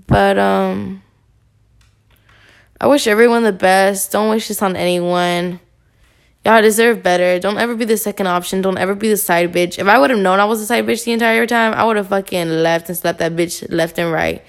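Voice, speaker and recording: A woman's voice: medium pitch, fairly even intonation, moderate pace, gravelly. A young woman hosting a casual podcast monologue, venting bluntly with lots of swearing. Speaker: podcast host.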